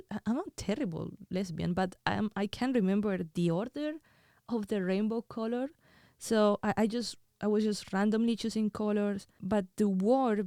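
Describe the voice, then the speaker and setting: A woman hosting a podcast, telling a personal story in a soft, halting way and often repeating words as she goes. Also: mid-range voice, no room sound, clean studio sound. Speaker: podcast host.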